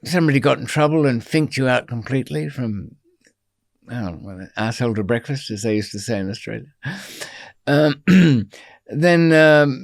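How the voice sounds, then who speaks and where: A man's voice: medium pitch, expressive, moderate pace, creaky, no room sound, clean studio sound. A man who is a podcast guest, telling a long story in an interview in a rambling, digressive way, with many ums and wry asides.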